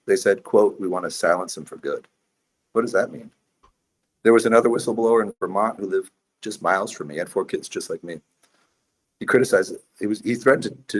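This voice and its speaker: A man's voice: lowish voice, breathy edge. A man, a priest and investor, telling his story intensely as a guest in a podcast interview.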